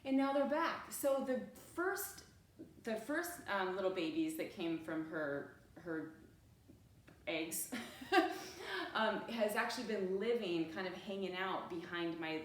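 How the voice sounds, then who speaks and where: A woman yoga teacher talking casually to her class in a chatty, animated way, often laughing. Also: on the low side, a little hiss or hum. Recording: echoey room from far off.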